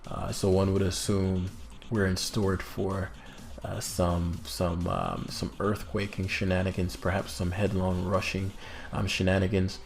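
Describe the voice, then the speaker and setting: Putting on a British-sounding accent, a man casually narrates his own competitive match, occasionally cursing and breaking into abrupt loud outbursts. His low voice is level in tone, a little slow, and creaky.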